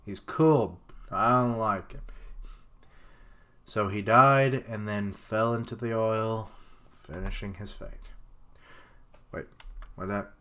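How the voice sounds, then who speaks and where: Slow-talking man rambling through a live reaction. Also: on the low side, fairly even intonation, a bit bright. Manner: rambling, thinks aloud with fillers and outbursts. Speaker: streamer reacting to manga. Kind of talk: live reaction, casual commentary.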